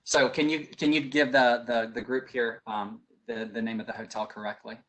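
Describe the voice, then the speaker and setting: A man's voice: medium pitch, level tone, moderate pace, a bit bright, slight background noise. A man with a Southern US accent hosts a webinar over a video call. He asks his guests short, polite questions and keeps things moving. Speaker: webinar host. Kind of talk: hosting a webinar.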